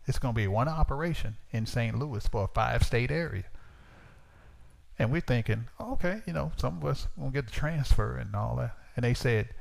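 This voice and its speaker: In a creaky, mid-range voice at a moderate pace, a preacher gives his sermon testimony as an informal personal story. He voices the dialogue of conversations by lifting his voice.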